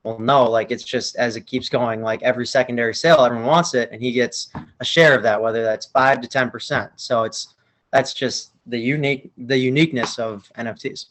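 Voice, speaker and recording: A man's voice: medium pitch, fairly even intonation, a little fast, a bit bright. A man co-hosting an interview, chatting loosely and casually with lots of fillers. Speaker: co-host. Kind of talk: casual chat.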